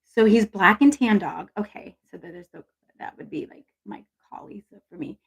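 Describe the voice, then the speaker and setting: A woman's voice: mid-range voice, normal speed. A woman hosting a casual livestream, talking affectionately and chattily to her viewers about intuition. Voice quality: gravelly, husky. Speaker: intuitive reader and livestream host.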